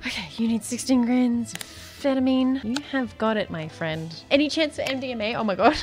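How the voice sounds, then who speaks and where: A woman's voice: on the high side, animated, normal speed, a little mellow. A young woman commenting on a game as she plays, chatty and giggly, often gasping and squealing. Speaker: gaming YouTuber. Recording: music underneath.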